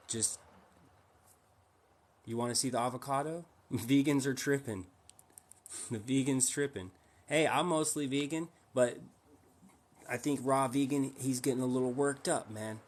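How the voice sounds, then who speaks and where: A man's voice: medium pitch, fairly even intonation, measured pace, pauses often. A man hosting a casual livestream, pushy and teasing, firing rhetorical questions at his viewers. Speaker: livestream host.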